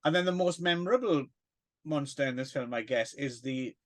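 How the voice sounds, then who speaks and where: A man's voice: medium pitch, normal speed, fairly bright tone. A man co-hosting a casual film podcast, rambling and hesitant with plenty of fillers and self-deprecating asides. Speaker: podcast co-host.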